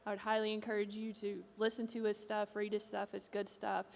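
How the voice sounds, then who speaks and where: Flat-voiced reflective pastor's wife. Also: female voice, mid-range voice, fairly quick, gravelly. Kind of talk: stage conversation to a congregation. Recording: long hall reverb.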